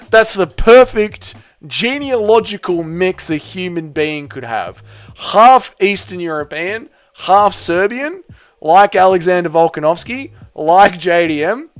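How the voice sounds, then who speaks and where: Excitable Australian man chatting with a stream. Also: high-pitched. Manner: animated, swears freely, banters with chat. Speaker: livestream host reading chat. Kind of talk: casual live stream chat.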